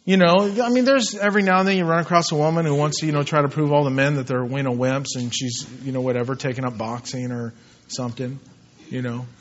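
A man in his thirties preaching a sermon, telling stories with lively acted-out shouts. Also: mid-range voice, quick pace, muffled recording. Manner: animated storytelling, acts out scenes with shouts.

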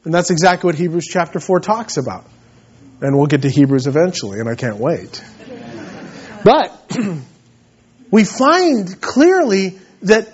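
A man preaching a sermon to his church, emphatic, rising to loud peaks and dropping to low asides. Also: highs cut off. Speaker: pastor.

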